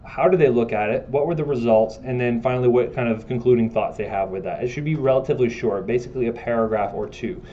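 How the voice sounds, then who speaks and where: A man's voice: medium pitch, fast, few pauses, mellow, dull audio, a little hiss or hum. A man giving a casual classroom lecture, joking and asking his students questions.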